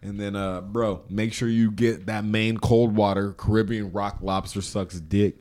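A man's voice: on the low side, fairly even intonation, measured pace, darkish tone. A man joining a casual podcast chat, laid-back and slangy, getting emphatic about his opinions.

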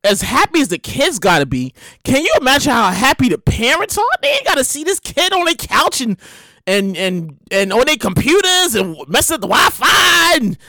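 Animated, slangy New woman. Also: sits high, normal speed, dry recording. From New York. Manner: animated, slangy, acts out quoted voices. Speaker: commentator. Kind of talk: casual news commentary.

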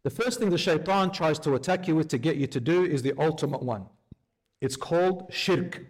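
A man preaching a sermon, telling a story and acting out its dialogue in lively, conversational speech. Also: fairly high pitch, normal speed.

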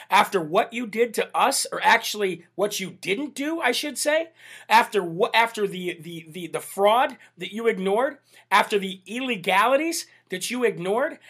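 Give me an animated, indignant man hosting a sarcastic political commentary stream. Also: high voice. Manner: animated, indignant, sarcastic, addresses "ladies and gentlemen". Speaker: host.

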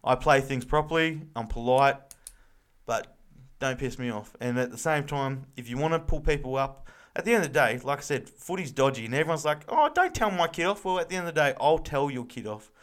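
A man's voice: medium pitch, a little fast. An Australian man in his thirties, co-hosting a casual podcast chat, blunt and fired up, swearing freely. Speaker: podcast co-host.

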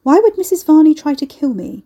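A woman's voice: high-pitched, very animated, brisk, dark tone, pitched above the performer's own voice. A woman voicing a rattled young woman who asks anxious, wary questions. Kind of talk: audiobook character voice.

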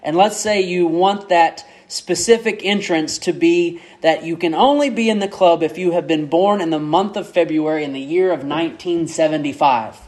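A man preaching a sermon as pastor, measured and repeating key words for emphasis. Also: on the high side, a little mellow.

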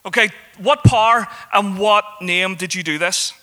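A man delivering a sermon with a high, sharply bright voice. He speaks conversationally and pauses to search for words. Then he lifts into emphatic exhortations. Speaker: preacher.

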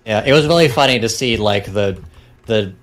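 A man with a lowish voice co-hosting a relaxed podcast conversation. He offers wry, joking commentary and throws in deadpan gags between points. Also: moderate pace, crowd noise. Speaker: podcast co-host. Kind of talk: casual chat.

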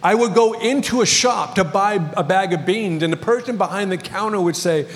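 A man's voice: high voice, moderate pace. A male pastor preaching a sermon, telling a story with light humor. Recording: long reverb of a large hall.

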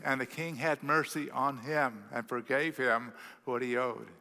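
A man's voice: medium pitch, normal speed, creaky, bright, forceful tone. A man with a Texan accent, a pastor preaching a sermon, telling a story animatedly and acting out the quoted voices. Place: church sanctuary. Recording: long reverb of a church hall.

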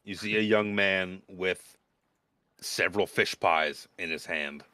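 A man narrating as game master of a tabletop game, chatty and animated. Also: low voice, slow, clean tone, no room sound, clean studio sound.

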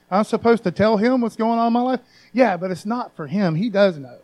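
A man's voice: sits high, darkish tone, low-quality recording. A man preaching a sermon in a conversational, emphatic way, often adding "man" and raising his voice on scripture readings. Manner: raises voice when reading scripture aloud.

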